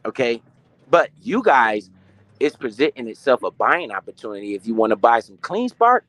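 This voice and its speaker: A young adult man hosting a casual finance live stream. He talks in an animated, slangy and profane way, asking questions and answering them himself. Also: mid-range voice, moderate pace, no echo.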